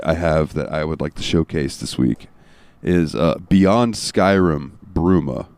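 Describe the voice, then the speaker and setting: A man hosting a gaming podcast, talking in a relaxed, rambling way with fillers and the odd swear word. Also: extremely low pitch, dry recording. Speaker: podcast host. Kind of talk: casual chat.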